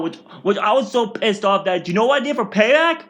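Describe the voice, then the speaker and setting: Excitable rambling young man. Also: high voice, fairly quick. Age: 20s. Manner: rambling, excitable, many restarts. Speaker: vlogger. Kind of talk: casual storytime rant.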